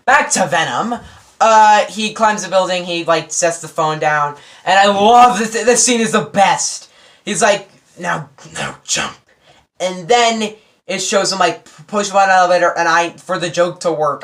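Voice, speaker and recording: A man giving a rambling, excitable spoiler review of a movie, full of fillers and acted-out quotes. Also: sits high, normal speed.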